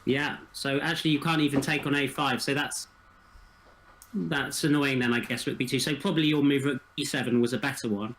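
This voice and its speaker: A man as guest chess analyst, calmly and methodically talking through variations. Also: medium pitch, fairly quick, reverberant, rough recording.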